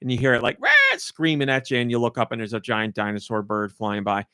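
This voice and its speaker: A man's voice: medium pitch, fairly even intonation, fast, pushed and bright, clean tone, no room sound, studio quality. A man hosting a casual podcast, telling a family story animatedly and acting out quotes in a raised voice. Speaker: podcast host.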